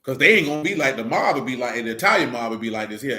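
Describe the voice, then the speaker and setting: A man's voice: mid-range voice, sing-song, very fast, pushed and bright. A man talking in a casual, preaching way, emphatic and fond of rhetorical questions. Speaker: religious discussion leader. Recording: echoey room.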